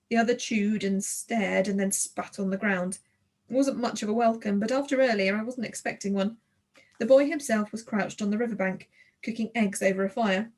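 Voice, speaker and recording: A woman narrating a children's audiobook in the first person, with expressive storytelling. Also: mid-range voice.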